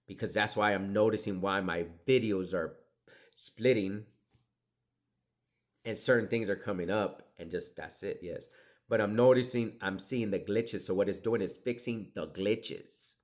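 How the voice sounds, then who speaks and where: A middle-aged man hosting a podcast, telling rambling stories in a profane, digressive way, often dropping into whispered asides. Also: low voice. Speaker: podcast host. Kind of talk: rambling storytelling monologue.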